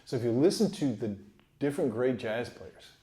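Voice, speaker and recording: A man teaching trumpet in a relaxed, encouraging way, sometimes singing rhythms aloud. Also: medium pitch, moderate pace. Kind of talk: relaxed instructional talk. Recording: echoey room.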